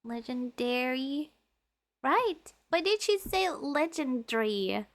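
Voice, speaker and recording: A woman's voice: high voice, lively intonation, takes it slowly. A young adult woman streaming a story game, chatting playfully and dramatically with her viewers. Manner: playful, dramatic, teasing with chat.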